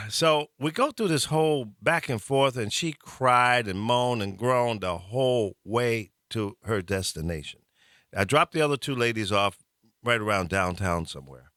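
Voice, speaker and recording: A man's voice: medium pitch, a little slow, sharp tone, no echo, studio quality. A man hosting a radio talk show, telling a story in casual chat and chuckling as he goes.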